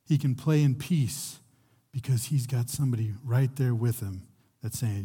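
Mellow, husky-voiced young man preaching. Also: mid-range voice, normal speed. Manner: conversational preaching with repeated restarts. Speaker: pastor. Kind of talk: sermon.

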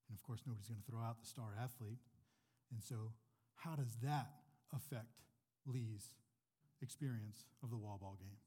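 A man's voice: on the low side, moderate pace, mellow, slightly rough, big-room sound. A man preaching a sermon in a church, talking conversationally and asking his listeners rhetorical questions. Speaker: pastor.

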